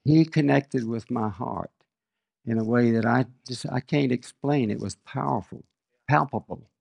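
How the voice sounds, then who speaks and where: An older man preaching a sermon, reading scripture and telling personal stories in a slow, measured way. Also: medium pitch, vocal fry, darkish tone, dry recording, lo-fi sound.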